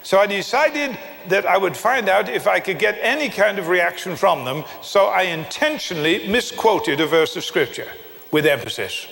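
A man preaching a sermon, telling a story with acted dialogue and emphatic pauses, from England. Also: sits high, expressive, vocal fry, a bit bright, long reverb tail.

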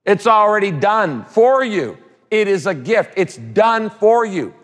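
A pastor with a fairly high male voice preaches with emphatic, repeated phrases and casual asides. His sermon rings with a long reverb tail from a large church hall. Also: big pitch swings, slow.

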